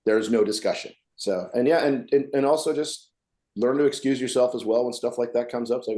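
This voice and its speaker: Man, blunt storyteller, mellow voice, echoey room. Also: mid-range voice, a little fast. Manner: blunt storyteller acting out customers. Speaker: podcast co-host, bartender. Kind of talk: casual podcast chat.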